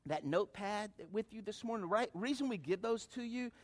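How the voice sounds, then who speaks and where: A middle-aged man preaching a sermon, calling out to the congregation and swinging between loud appeals and hushed lines. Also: sits high, expressive, normal speed. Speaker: pastor.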